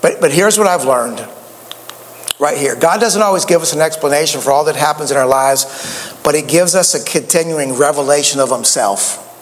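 High-pitched pastor guy telling folksy stories, stumbles and restarts a lot, big echoey church. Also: moderate pace, a little hiss or hum. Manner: folksy, storytelling preacher with stammered restarts. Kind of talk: sermon.

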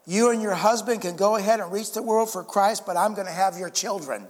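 A man's voice: sits high, fairly quick. A man voicing a mocking, boastful male devil who threatens a mother. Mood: taunting. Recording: reverberant hall.

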